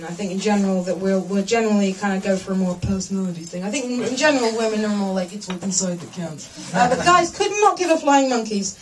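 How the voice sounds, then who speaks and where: A woman's voice: a little high, noisy background. A woman doing a stand-up comedy set, rambling and self-mocking, acting out market chats in voices. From English-speaking foreigner living in Germany. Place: comedy venue, large room. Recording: live set from far off, loud crowd.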